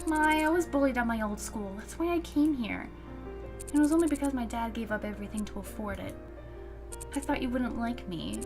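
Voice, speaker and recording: A woman hosting her channel, reading a visual novel's narration aloud in an animated, expressive way. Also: fairly high pitch, a little fast, soft background music.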